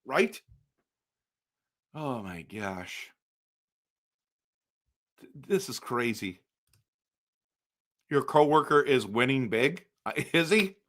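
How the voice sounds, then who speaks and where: A man hosting a casual live stream for viewers, excitable and exasperated, breaking into loud outbursts. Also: mid-range voice, unhurried, long pauses. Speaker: livestream host.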